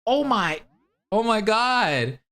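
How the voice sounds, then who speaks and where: A man's voice: sits high, very animated, slow pace, fairly bright tone, pitched above the performer's own voice, full character voice. A man reading aloud as a tired, kind older woman narrating her own story in the first person.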